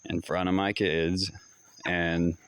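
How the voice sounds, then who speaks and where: Low-voiced man telling a rambling story. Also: little pitch movement, slow pace, fairly bright tone, clear, resonant tone, no echo. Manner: rambling and repetitive, loose slangy talk. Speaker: vlogger. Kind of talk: casual storytelling to camera. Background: dogs barking and distant fireworks.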